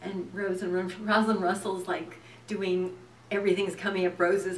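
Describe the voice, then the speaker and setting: An animated woman telling stories as a guest on a talk show and laughing often as she speaks. Her voice sits in the middle range and is picked up from some distance in an echoey room, with a faint murmur of ambience behind it. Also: mid-range voice, moderate pace, a little hiss or hum. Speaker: actress guest. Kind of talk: casual chat.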